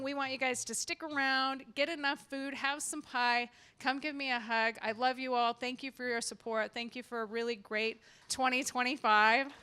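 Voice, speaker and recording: At a live community event in a hall full of people, a woman who founded a nonprofit serves as host and gives an emotional speech. Her voice is fairly high, clear and resonant, and she tells stories warmly and from the heart, repeating her motto along the way.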